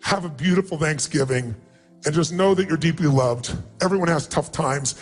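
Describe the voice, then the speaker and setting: Male motivational speaker, slightly high voice, emotional emphatic storytelling, faint music bed. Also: normal speed. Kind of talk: personal storytelling speech.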